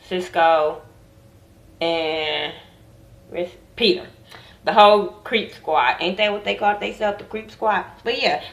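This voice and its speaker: A woman's voice: medium pitch, a bit bright, far from the mic. A woman giving a blunt, profane casual vlog recap of a TV show, often trailing off with asides. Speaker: TV show reviewer. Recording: echoey room, voice off-mic.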